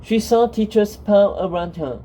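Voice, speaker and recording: A woman narrating a fantasy storybook in a calm, steady reading voice. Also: mid-range voice, normal speed, slight background noise, poor audio.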